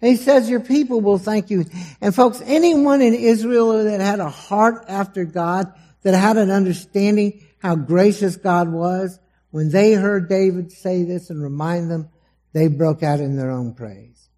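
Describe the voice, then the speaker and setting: Slow, dark-voiced male preacher. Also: high voice, fairly even intonation. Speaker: pastor. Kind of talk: sermon. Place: church hall before a congregation.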